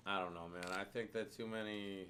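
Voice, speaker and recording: A man with a low, bright voice talks loosely in a casual podcast chat, rambling and restarting his sentences, full of fillers. A faint hiss of background noise sits under him. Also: steady tone, moderate pace. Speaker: podcast co-host. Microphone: studio microphone.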